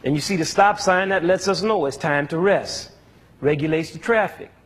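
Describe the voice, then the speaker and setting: A man teaching music, his voice a little husky and pitched somewhat higher than most men's. He explains step by step in an educational talk to a young audience and often turns a point into a question for them to answer. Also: normal speed.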